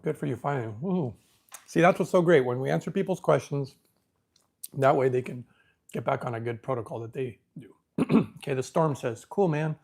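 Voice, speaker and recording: A man's voice: mid-range voice, moderate pace, creaky, a little mellow. A man hosting a casual live question-and-answer stream, thinking aloud as he reads from the screen and talking with easy self-assurance. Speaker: livestream host answering viewer questions.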